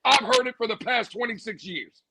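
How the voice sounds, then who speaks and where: A man's voice: extremely high pitch, lively intonation, moderate pace, bright, forceful tone, husky, low-quality recording. A man ranting sarcastically as a sports podcast co-host, repeating lines for emphasis. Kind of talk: heated sports commentary.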